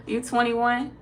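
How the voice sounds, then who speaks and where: Speaking in a slightly high voice, a woman who reads tarot hangs out casually with her livestream audience. She reads their comments out loud, keeps things easygoing, and laughs readily.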